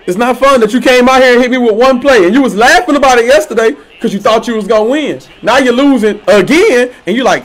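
A man streaming a football video game, trash-talking his opponent loudly with slang, swearing and laughter. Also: very high-pitched, fast, hardly any pauses. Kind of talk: trash-talking gameplay commentary.

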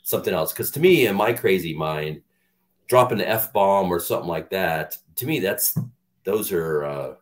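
A middle-aged man with a very deep voice talks as an actor guest on an interview show. He tells candid stories in a loose, rambling way, often restarting his sentences. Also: animated, moderate pace. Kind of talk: casual interview chat.

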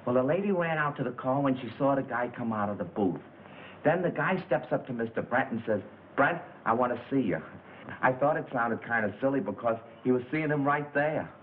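An actor as a slangy, gossipy bellhop. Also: male voice, medium pitch, animated, brisk, close to an everyday voice. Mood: chatty. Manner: chatty, slangy, eager to tell. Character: gossipy young hotel bellhop. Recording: tinny old film soundtrack with hiss.

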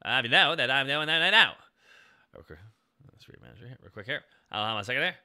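Very bright-voiced goofy male streamer. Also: expressive, fast, clean tone. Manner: goofy and playful, jumping between loud bits and low mumbling asides. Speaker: VTuber streamer. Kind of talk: casual live-stream chat.

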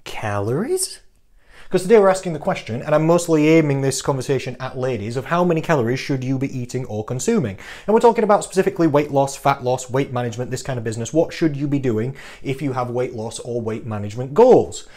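A man, a fitness coach giving an energetic, teasing talk to camera full of rhetorical questions. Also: medium pitch, quick pace.

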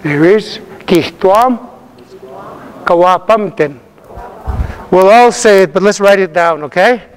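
A man teaching a language lesson to a live class, calling out words loudly for repetition and laughing often. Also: high-pitched, slow pace, long pauses, a little hiss or hum. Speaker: Cree language instructor. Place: multi-purpose room with a live class. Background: class of learners laughing and repeating.

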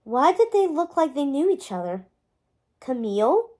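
High-voiced woman reading a novel aloud. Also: normal speed. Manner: expressive storytelling. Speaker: read-aloud narrator.

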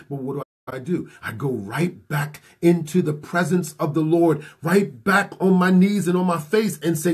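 Husky-voiced preaching pastor, a man. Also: on the high side. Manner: preaching with rising, repeated lines, often slowing for emphasis. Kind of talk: sermon.

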